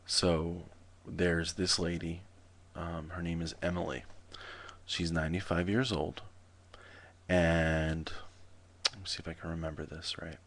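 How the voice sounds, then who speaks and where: A man telling jokes to his camera in a casual, dry, deadpan way. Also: low voice, unhurried, long pauses. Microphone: camera mic.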